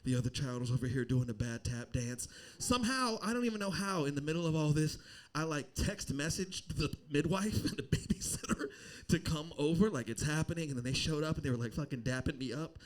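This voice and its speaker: A man tells a standup story from a club stage, his pitch rising and dropping freely as he acts out the people in it. He jumps from quiet asides to loud, animated bursts. The delivery is loose and conversational. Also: fairly quick. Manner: animated storytelling, acting out voices. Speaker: standup comedian. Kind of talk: standup comedy set.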